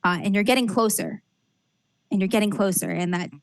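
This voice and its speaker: A woman's voice: medium pitch, fairly quick, no echo. Woman game master narrating, dry close sound. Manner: descriptive, hesitant with fillers.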